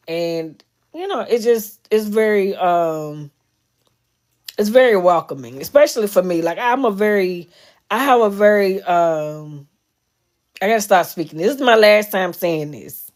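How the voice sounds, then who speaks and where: A woman's voice: mid-range voice, a little slow, darkish tone. Candid, chatty woman streaming live. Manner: candid and chatty, swearing and laughing easily. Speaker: medium live-streaming to followers. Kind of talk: casual chat.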